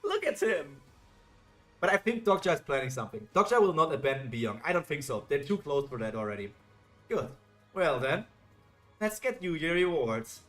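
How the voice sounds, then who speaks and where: A man's voice: fairly high pitch, big pitch swings, fairly quick, fairly bright tone, faint music behind. Playful man streaming a live reaction. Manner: playful, chatty with viewers. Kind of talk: casual live reaction commentary.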